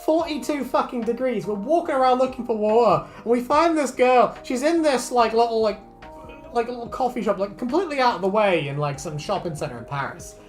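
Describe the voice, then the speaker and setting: A woman's voice: on the high side, expressive, a little fast, soft background music. A young woman from England, chatting in a laid-back, sweary way on a stream. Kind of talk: casual chat.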